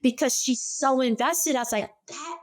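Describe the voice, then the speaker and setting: A middle-aged woman with a mid-range voice talks as an interview guest. She tells personal stories in a lively, conversational way. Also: medium pitch, normal speed. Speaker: guest, former startup CEO.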